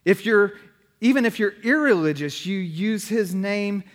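Man, pastor, sermon, humorous storytelling, fairly high voice, long hall echo. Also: expressive, measured pace.

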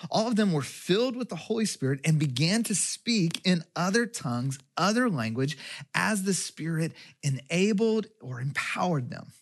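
A pastor from Texas, giving a sermon in a conversational way and asking questions of his listeners. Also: on the high side. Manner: conversational preaching with rhetorical questions.

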